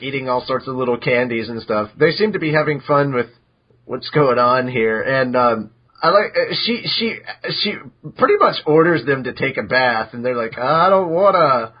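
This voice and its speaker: A man hosting a podcast, casually recapping episodes in an animated way, now and then jumping into high squeaky voices for characters. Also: normal speed. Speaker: podcast host. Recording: dull lo-fi podcast audio.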